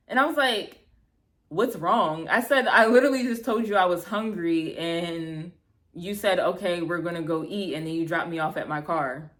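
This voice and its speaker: A woman in her thirties telling a bad-date story to camera, animated and exasperated, acting out both sides of the conversation, with lots of "like" and casual swearing. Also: mid-range voice, brisk. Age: 30s. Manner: heavy filler "like", casual swearing. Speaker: vlogger. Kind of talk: storytime vlog, casual retelling.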